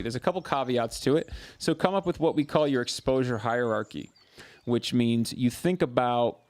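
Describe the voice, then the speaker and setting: A man hosting a live mental health Q&A as a therapist, answering viewers in a warm, coaching way and repeating phrases for emphasis. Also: medium pitch, creaky. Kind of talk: live-stream advice answering viewer questions.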